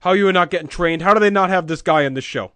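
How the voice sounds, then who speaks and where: A man playing a deadpan, know-it-all sports pundit who keeps repeating the same opinion. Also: high-pitched, quick pace, clear, resonant tone, no echo. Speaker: podcast co-host in comedy bit. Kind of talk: comedic sports-talk parody.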